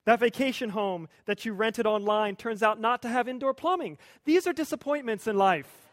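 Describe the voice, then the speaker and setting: A pastor preaching a sermon in a conversational, lightly humorous storytelling manner. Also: male voice, high voice, moderate pace, dry recording.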